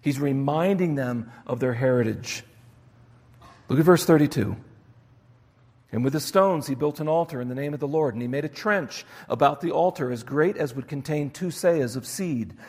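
A man delivers an expository sermon, reading scripture aloud and pressing home each point. His voice sits a little high for a man. A long reverb trails his words through a large church hall. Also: moderate pace, a little mellow. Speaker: pastor.

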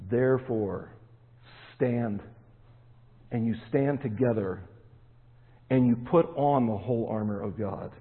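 A man preaching a sermon as pastor, emphatic and stressing key words. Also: medium pitch. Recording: echoey hall, tinny phone-like sound.

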